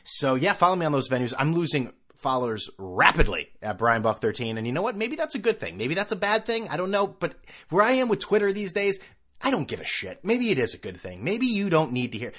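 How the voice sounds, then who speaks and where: Man, middle-aged, podcast host, rambling, sarcastic, self-deprecating, animated pitch. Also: a little fast. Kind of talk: casual solo podcast rant.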